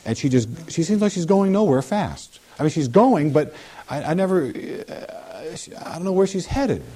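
A man preaching a sermon in an animated way, with humorous asides. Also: fairly high pitch, moderate pace.

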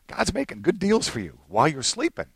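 A pastor preaches a lively sermon, switching between low asides and high, excited bursts while acting out little scenes. His delivery is a little fast, creaky and slightly rough, with no echo.

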